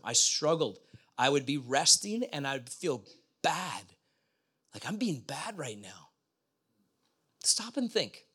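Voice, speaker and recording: A man's voice: a little high, fairly bright tone, husky. A middle-aged man preaching a sermon in a conversational way, often putting questions to the congregation. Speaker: pastor.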